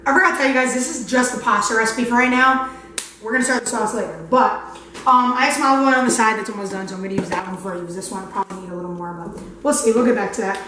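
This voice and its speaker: A woman's voice: fairly high pitch, rapid-fire, sharp tone, a little hiss or hum. A young woman hosting a comedic cooking tutorial in a home kitchen, goofy, crude and rambling. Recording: echoey kitchen, mic at a distance.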